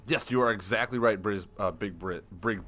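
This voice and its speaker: A man streaming a card game live, thinking aloud with excitable, self-deprecating commentary. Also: lowish voice, moderate pace, soft background music.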